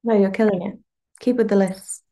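A woman's voice: medium pitch, fairly even intonation, fairly quick, dark tone. A young woman guest with a mixed British-American accent, chatting in a laid-back, rambling way on a podcast. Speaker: musician guest. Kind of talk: casual podcast chat.

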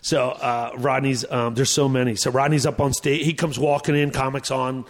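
A man who is a stand-up comedian, telling stories in casual chat, animated, profane and rambling. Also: mid-range voice, moderate pace.

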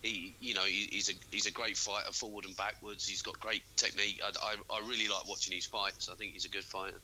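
Podcast co-host: man, lowish voice, rapid, halting speech. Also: little pitch movement, bright, forceful tone, a little hiss or hum, poor audio. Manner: hesitant, stammering restarts. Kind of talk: casual boxing chat.

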